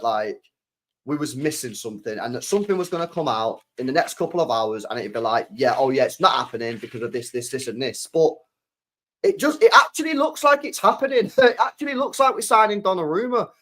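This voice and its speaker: A young man, chatting casually about football transfer news, animated, repeating himself and swearing often. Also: high voice, normal speed. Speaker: football fan channel host.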